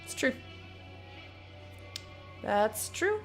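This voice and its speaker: Lively, blunt young woman streaming a game. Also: high voice, very slow, soft background music. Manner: blunt, swearing, laughs often, reads chat aloud. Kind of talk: casual live-stream chat while gaming.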